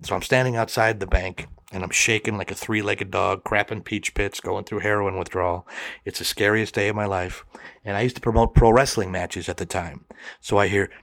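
A middle-aged man tells a personal story in a lowish voice, animated and quick to slip into the voices of the people in it. The sound is dry and close, with no room around him. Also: creaky, no echo. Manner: animated, acts out the quoted voices. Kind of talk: personal story told to a listener.

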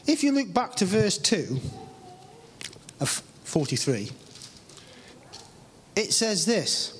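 Man, English accent, pastor, sermon, earnest, drawn-out emphasis, long church reverb. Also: high-pitched. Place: church hall. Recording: live stream with long hall reverb.

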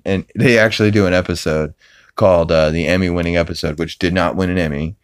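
Man, podcast host, casual episode recap, rambling, fairly low voice. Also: clear, resonant tone, no echo. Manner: rambling, many fillers and restarts.

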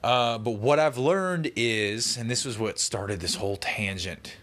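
A man's voice: fairly low pitch, unhurried, few pauses, fairly bright tone. A man vlogging a casual late-night monologue at home, rambling through tangents and mockingly quoting other people. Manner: rambling, tangent-prone, mock-quotes people.

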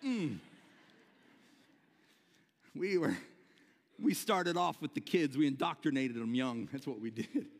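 A man preaching a sermon to his church, animated, repeating words and shouting when excited. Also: fairly high pitch, slow pace, pauses often, big-room sound. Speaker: pastor. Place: church sanctuary.

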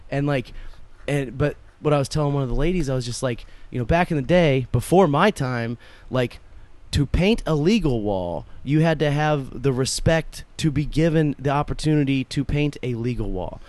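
A man's voice: medium pitch, lively intonation, normal speed, hardly any pauses, darkish tone, dry recording. Rambling, profane man in casual chat. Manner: rambling, profane, full of fillers. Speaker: podcast co-host.

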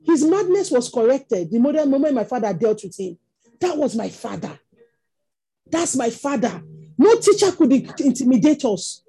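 Nigerian woman preacher, high mellow voice, animated storytelling sermon. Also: normal speed, husky. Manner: storytelling, rising to impassioned exclamations.

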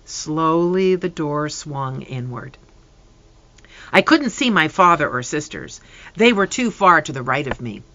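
An audiobook narrator reads a storybook aloud, unhurried and expressive, with lively swings in tone. The voice is bright and crisp, set close in a dry, dead space with no room sound. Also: mid-range voice, dry recording, lo-fi sound.

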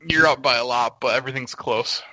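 Hoarse, bright-voiced joking podcast host. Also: male voice, mid-range voice, fairly quick, no echo, highs cut off. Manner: joking, needles the others. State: hoarse from yelling. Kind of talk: casual chat.

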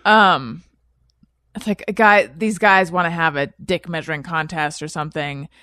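A woman's voice: on the low side, unhurried, sharp tone, dry recording, studio quality. A woman in her thirties hosting a podcast, chatty and laughing often, reading listener posts aloud. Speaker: podcast host. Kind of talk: casual chat.

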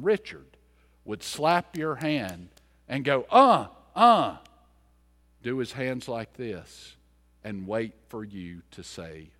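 A man in his fifties from the mountains, a pastor telling a folksy sermon story, swinging from loud to hushed. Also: medium pitch, in a large hall. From US mountains, later Charlotte.

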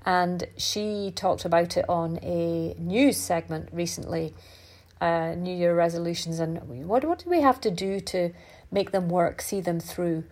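A middle-aged woman hosting a podcast, talking in a casual, reflective monologue. She sounds congested and stuffy-nosed, and she speaks candidly, her voice often jumping upward in pitch. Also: unhurried. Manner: chatty and candid, with lively upward pitch jumps. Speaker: podcast host.

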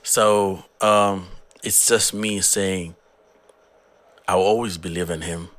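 A hoarse man from Zambia, earnestly talking through his own song in a casual, rambling way. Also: sits low, steady tone, slow pace, fairly bright tone. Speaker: musician.

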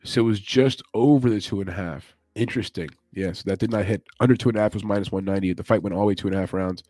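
A man's voice: fairly low pitch, rapid-fire, mellow, dry recording. Chatty man hosting a betting podcast. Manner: loose, chatty, thinks aloud. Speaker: MMA betting podcast host. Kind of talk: casual chat.

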